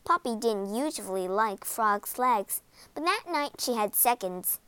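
A woman reading a children's storybook aloud in an expressive, lively way, voicing all the characters herself. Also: a little high, unhurried, clean tone, no room sound. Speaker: storybook narrator. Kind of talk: storybook read-aloud narration.

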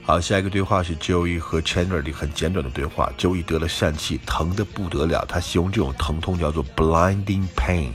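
Deep-voiced man explaining English phrases. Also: brisk, few pauses, faint music behind. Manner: explanatory, steady. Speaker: English teacher. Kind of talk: language lesson narration.

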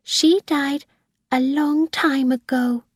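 A woman voicing a quiet seven-year-old girl in a storybook reading. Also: sits high, steady tone, slow pace, dry recording, clean studio sound, voice pushed up. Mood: solemn. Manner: soft and plain.

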